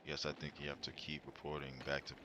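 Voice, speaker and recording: A man's voice: rumbling low, monotone, quick pace. A man streaming a game live, chatting casually to his viewers in a rambling, stuttering way. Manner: rambling, stuttering, talks to chat. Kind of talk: casual commentary while gaming. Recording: loud game noise behind voice. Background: game sounds.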